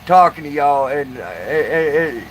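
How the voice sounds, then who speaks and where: Halting man chatting on stream. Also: fairly high pitch, lively intonation, a little hiss or hum, low-quality recording. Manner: halting, many fillers and restarts. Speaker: live streamer. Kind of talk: casual live stream chat.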